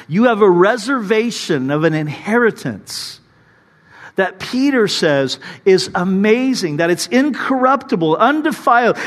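A middle-aged male pastor preaching a conversational sermon, full of asides and rising to loud high points. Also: in a large hall.

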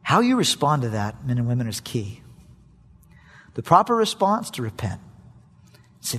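A man preaching a sermon as a pastor, animated and acting out prayers with frequent chuckles. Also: mid-range voice, moderate pace, long pauses, slightly rough, in a large hall.

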